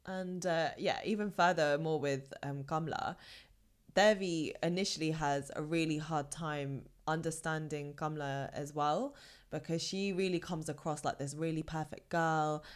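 Low-voiced young woman chatting on a podcast. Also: steady tone, measured pace. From England. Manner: chatty, opinionated, lots of fillers. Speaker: podcast co-host. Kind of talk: casual podcast chat.

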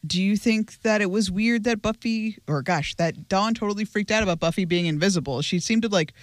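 A man's voice: sits high, a little fast, no room sound. A man hosting a casual podcast chat, asking questions and swearing casually. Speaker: podcast host.

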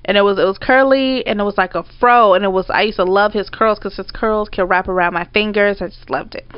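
A woman, telling a story in casual chat, animated and swearing as she acts out her own outbursts. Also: medium pitch, fairly quick, smooth, dry recording. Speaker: storyteller co-host. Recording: dry, slightly dull audio.

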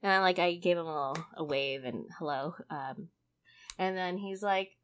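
A woman's voice: lowish voice, normal speed, smooth. A woman co-hosting a podcast, telling stories in a bubbly way with lots of laughter and filler words. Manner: bubbly storyteller, laughs a lot, many "like"s. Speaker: podcast co-host. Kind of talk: casual podcast chat.

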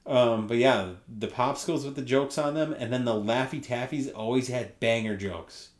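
A man's voice: medium pitch, normal speed, roomy sound. A young man hosting a solo podcast, telling rambling, profane stories with laughs in between. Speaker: podcast host. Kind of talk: casual solo podcast chat.

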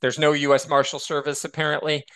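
A man's voice: on the high side, fast, clean tone. An American man co-hosting a podcast, chatting casually and animatedly, often drifting into tangents. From United States. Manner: animated, digressive. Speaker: podcast co-host. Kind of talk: casual chat.

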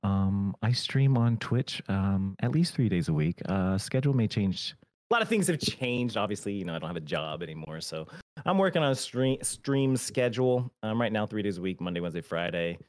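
A man rambles through a casual gaming podcast chat, self-mocking and quick to laugh. His voice is mid-pitched, and the sound is dry and close. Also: expressive, no echo. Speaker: streamer, podcast co-host.

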